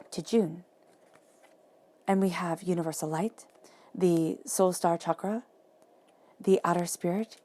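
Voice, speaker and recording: A woman giving a monthly tarot reading, talking softly and reflectively and repeating phrases for emphasis. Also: lowish voice. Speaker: tarot reader.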